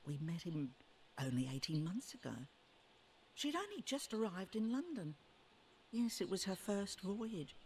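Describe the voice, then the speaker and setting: Loyal maid in a detective game, bitter, formal old-timey talk, lowish voice. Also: female voice, a little mellow, a little hiss or hum. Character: loyal, indignant lady's maid.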